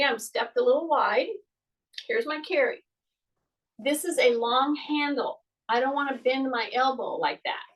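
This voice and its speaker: A woman's voice: high-pitched, fairly bright tone. Older woman coaching an exercise class. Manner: coaching with repeated cues and playful teasing of students. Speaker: fitness instructor. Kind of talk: live online exercise class instruction. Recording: voice from a distance off the mic.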